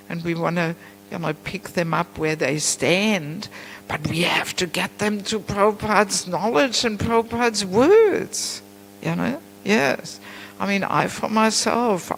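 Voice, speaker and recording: A woman giving a class on scripture at a temple, chatty and warm in tone, often saying "you know" and breaking into laughs. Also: medium pitch, creaky, a little hiss or hum, low-quality recording. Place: temple hall.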